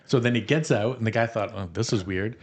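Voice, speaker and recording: A man co-hosting a podcast, telling a prank story to friends in a casual, animated way. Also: on the low side, a little fast. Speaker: podcast co-host.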